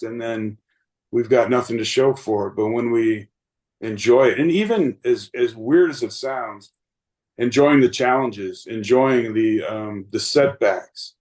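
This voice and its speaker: A man's voice: medium pitch, darkish tone, poor audio. A man in his late fifties, a baseball umpire guest, telling earnest, rambling stories with many fillers and restarts. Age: 50s. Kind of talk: reflective storytelling interview.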